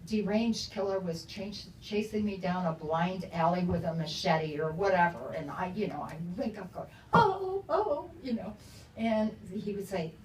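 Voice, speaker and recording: A woman's voice: on the low side, moderate pace, darkish tone, reverberant, slight background noise. Older female author, casual storyteller, laughs a lot; distant mic, faint room ambience. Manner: chatty, laughs often. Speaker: author at a book talk. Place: bookstore event room.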